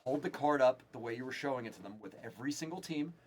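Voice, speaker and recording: A man's voice: mid-range voice, lively intonation, fast, a little hiss or hum. A man co-hosting a live card break, talking emphatically and insisting everything is shown openly. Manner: emphatic, insistent about transparency.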